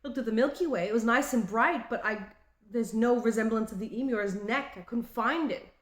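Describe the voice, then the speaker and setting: A woman from Australia in her late twenties or thirties, with an Australian accent, talking in a halting and reflective way in a personal vlog. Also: fairly high pitch. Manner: halting and reflective, with frequent restarts. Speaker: vlogger. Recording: roomy echo.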